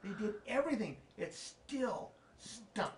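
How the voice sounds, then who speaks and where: A man's voice: high-pitched, sing-song, measured pace, a crowd in the background. A man hosting his channel, eagerly retelling a family story and laughing along while he prompts his father. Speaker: channel host. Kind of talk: casual storytelling and viewer Q&A.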